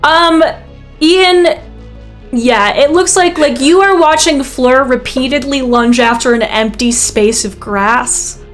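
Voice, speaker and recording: A woman's voice: sits high, takes it slowly, faint music behind. Woman game master narrating vividly. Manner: vivid, descriptive, with frequent ums and self-corrections.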